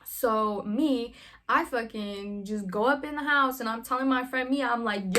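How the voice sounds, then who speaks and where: Young woman vlogger, storytime, swears a lot, slangy and animated, kinda high voice. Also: a little slow. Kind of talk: casual storytime.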